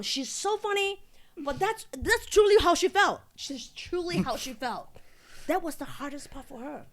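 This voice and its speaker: A woman from Singapore, a podcast guest who tells stories candidly, swears freely and gets animated. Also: sits high, normal speed. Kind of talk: casual interview storytelling.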